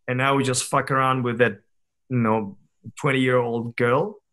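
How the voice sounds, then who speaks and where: A man's voice: medium pitch, fairly even intonation, unhurried, a bit bright. A man over thirty, a guest on a podcast, telling stories in a candid, reflective way with many fillers and restarts. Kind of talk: casual conversational interview.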